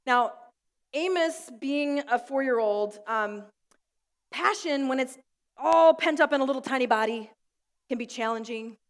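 A woman's voice: high voice, a little slow. Woman pastor in a reverberant hall. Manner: warm storytelling with light laughs. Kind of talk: sermon with prayer. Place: school room used for church.

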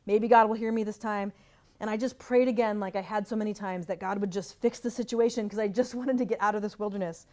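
A woman giving a sermon in a gentle, reflective way, often trailing off softly at the ends of phrases and telling a personal story. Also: mid-range voice, fairly even intonation, fast talker, few pauses. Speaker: pastor.

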